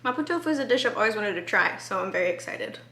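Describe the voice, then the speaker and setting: A woman's voice: mid-range voice, expressive, fast, bright, forceful tone. A woman food vlogger, bubbly and enthusiastic, giving a casual review of a dish at home in her kitchen.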